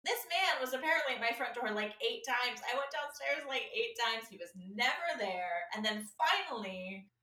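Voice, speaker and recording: A woman's voice: on the high side, normal speed, hardly any pauses, distant mic. A woman telling a story in casual chat and acting out the people in it. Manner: animated storyteller, acts out quoted people. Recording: echoey room, a bit off-mic.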